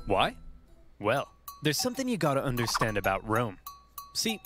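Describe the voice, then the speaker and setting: A man narrating a comic history cartoon in a scripted, wry style that lands its jokes deadpan. His pitch is very lively and music runs beneath him throughout. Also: normal speed.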